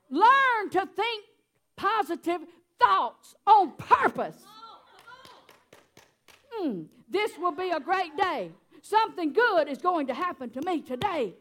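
A high-pitched middle-aged woman with a drawl delivers a homespun sermon. She talks to the congregation like old friends, chatty and quick to laugh. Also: a bit bright. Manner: folksy, chatty, laughs often. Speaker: preacher.

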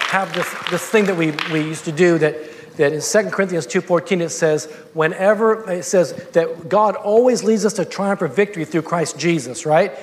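A man's voice: high voice, big-room sound, slight background noise. A man preaching a sermon, telling a personal story with many repeated words and restarts.

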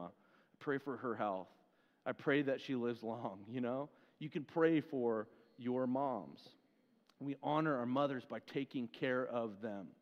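A man who is an outreach pastor, giving a conversational sermon in an earnest, informal way, with casual fillers. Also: fairly high pitch. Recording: echoey hall, dull muffled sound.

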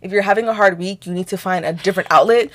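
A young woman from Nigeria, co-hosting a podcast, telling a story in casual chat, animated and profane as she acts out both sides of a quarrel. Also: mid-range voice, rapid-fire. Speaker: podcast co-host.

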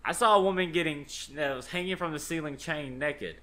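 A man's voice: on the high side, fairly quick, sharp tone. A young man, a podcast co-host, telling a rambling story in casual chat and swearing freely.

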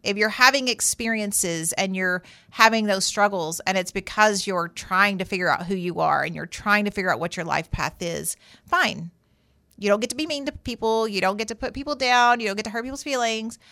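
A woman's voice: mid-range voice, brisk, sharp tone, no room sound. A woman therapist hosting a show, giving advice in a conversational, emphatic way and acting out people's inner voices. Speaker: therapist host. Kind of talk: advice monologue.

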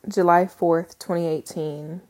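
Woman, 20s, podcast host, rambling casual chat, fillers and swearing, unhurried, dry handheld mic at home. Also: fairly low pitch, fairly even intonation, a little mellow, no echo. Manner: rambling, many fillers, swears, laughs often. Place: at home at her computer. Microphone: handheld microphone.

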